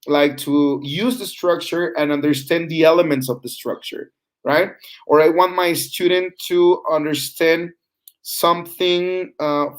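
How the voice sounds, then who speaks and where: Man teaching an online class. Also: fairly high pitch. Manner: explains with frequent "right?" checks and fillers. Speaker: teacher trainer.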